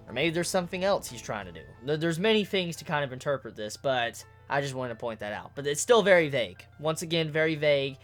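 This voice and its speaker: A manga reviewer rants excitably in casual video commentary, swearing a lot and stuttering into repeats. He talks fast at a medium pitch with hardly any pauses, over soft background music.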